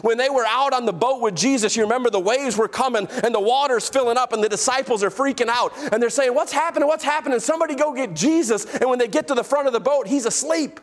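A man preaching a sermon as pastor, emphatic, slowing down to stress key phrases and calling out to the congregation. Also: very high-pitched. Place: church sanctuary.

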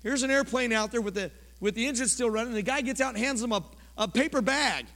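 A pastor preaching a sermon in a church, his delivery impassioned and swinging from loud to quiet. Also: extremely high pitch, fast talker. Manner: impassioned preaching, rising and falling sharply. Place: church sanctuary. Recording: long church reverb.

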